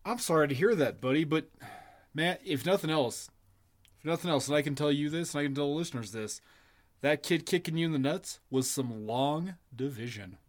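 Man, podcast co-host, a bit high-pitched, jokey, swears a lot. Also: a little fast. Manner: joking, profane, rambling. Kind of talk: casual podcast banter.

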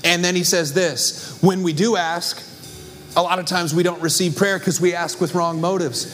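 A man's voice: high voice, steady tone, normal speed, a bit bright, faint music behind. A young adult man preaching a sermon with passion and emphasis, as pastor on a church stage. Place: church stage before a congregation.

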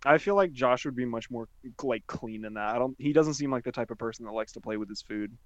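A man's voice: mid-range voice, fast talker, highs cut off. A young man on a podcast telling a story in casual chat, rambling with fillers and restarts. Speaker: podcast co-host.

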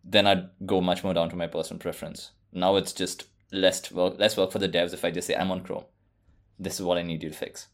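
A man co-hosting a podcast, brisk and dropping short interjections. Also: deep voice, flat delivery. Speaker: podcast co-host. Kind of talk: casual tech chat.

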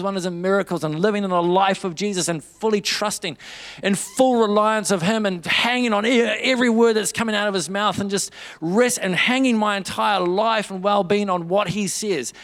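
A man delivers a sermon, his voice sitting a little high. He tells a story through quoted back-and-forth dialogue, then builds to fervent, urgent appeals. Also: fairly bright tone. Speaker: preacher.

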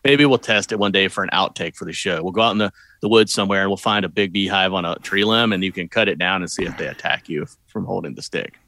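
A man with a very low voice trades dry, matter-of-fact remarks about a movie in a relaxed podcast chat. The sound is dry and close, with no room around it. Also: fast, vocal fry, hardly any pauses, no room sound. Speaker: podcast co-host. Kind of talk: casual movie discussion.

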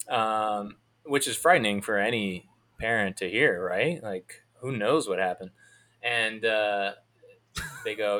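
A man telling a long story in a casual chat, in a fairly monotone, rambling way with many restarts. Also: on the low side, takes it slowly.

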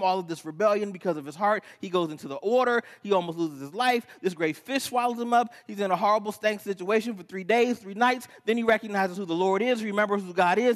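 A man preaching a sermon, mixing personal stories with scripture in a lively, conversational way, with asides to the congregation. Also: sits high, in a large hall. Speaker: pastor.

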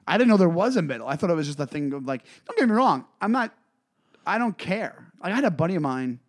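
Cast a slightly higher-voiced man as a rambling podcast co-host, heavy on filler words. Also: big pitch swings, fast. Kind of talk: casual comedic chat.

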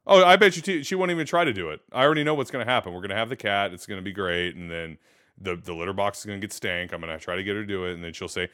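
A man in his thirties hosting a casual podcast chat. He tells animated stories and laughs often. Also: lowish voice, rapid-fire, clean tone. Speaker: podcast host.

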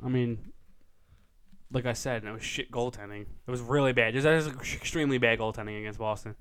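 A young man co-hosting a casual sports podcast, excitable and profane, quick to overreact. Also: mid-range voice, clean tone. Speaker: podcast co-host.

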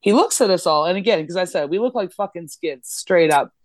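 A woman's voice: on the low side, brisk, no room sound. A Canadian woman tells a story on a podcast, swearing with abandon. She slips into the voices of the people she's describing as she goes. Her voice is close and dry, with no room sound. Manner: profane, animated, acts out voices in the story. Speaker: podcast co-host. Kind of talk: casual storytelling.

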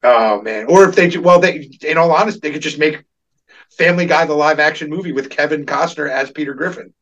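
A man chatting as a podcast host, his voice a touch high and lively. He laughs often and restarts sentences as he goes. He sits a little back from the microphone. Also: a little fast, distant mic, poor audio. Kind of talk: casual chat.

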